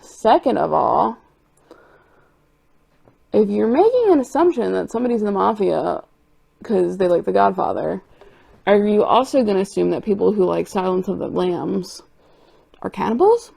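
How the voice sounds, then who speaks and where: Chatty rambling young woman with lively pitch. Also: moderate pace, vocal fry, long pauses, husky. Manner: chatty, tangent-prone, giggly storytelling. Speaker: cosplay makeup vlogger. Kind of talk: rambling casual chat while doing makeup.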